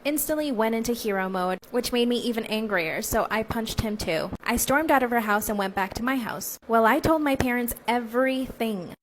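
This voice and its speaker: A woman's voice: on the high side, a little hiss or hum, poor audio. A woman telling a dramatic personal story in a blunt, direct way. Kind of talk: storytime monologue.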